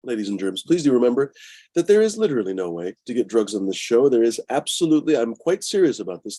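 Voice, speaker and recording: A man's voice: mid-range voice, sing-song, fast, dark tone, breathy edge, dry recording. A man hosting a cannabis talk show, talking casually with a profane, fired-up and sarcastic manner. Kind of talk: casual live-stream rant and disclaimer.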